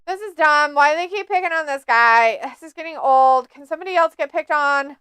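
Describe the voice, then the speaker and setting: A woman's voice: sits high, a little fast, fairly bright tone, no echo. A woman casually commenting on a wrestling match during a live stream, joking and mocking the wrestlers. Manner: snarky, jokey, mocking the wrestlers. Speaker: watch-along host.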